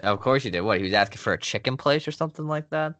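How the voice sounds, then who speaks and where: A man's voice: mid-range voice, expressive, quick pace, fairly bright tone, dry recording. A young man co-hosting a casual sports podcast, laughing easily and chatting through game analysis. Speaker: podcast co-host.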